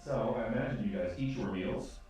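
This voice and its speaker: Rambling game master in an echoey room. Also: male voice, on the low side, brisk, music in the background. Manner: rambling, hesitant, full of ums. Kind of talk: narrating a tabletop game. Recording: echoey room, distant mic, faint noise.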